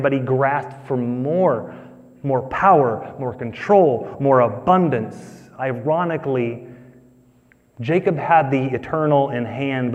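A male pastor preaching a sermon in a conversational, emphatic way, asking his listeners questions. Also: mid-range voice. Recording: echoey hall, dull sound.

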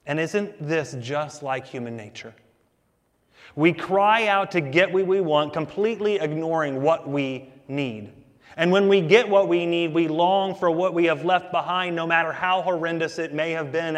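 A man preaches from the pulpit. His voice sits a little high, and he often turns to his listeners with rhetorical questions. The long reverb of a church hall trails after his words. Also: moderate pace. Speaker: pastor. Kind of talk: sermon. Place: church sanctuary.

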